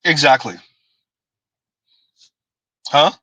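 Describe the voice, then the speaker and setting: Sharp-toned mocking male streamer. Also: a little high, drawn-out words, slightly rough, dry recording, rough recording. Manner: mocking, sarcastic. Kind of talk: reaction commentary livestream.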